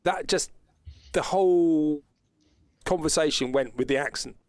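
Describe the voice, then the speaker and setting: A man playing a tabletop game with friends, animated and playfully silly. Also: a little high, a little slow, no echo, clean studio sound. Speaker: player. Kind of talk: casual tabletop game chat.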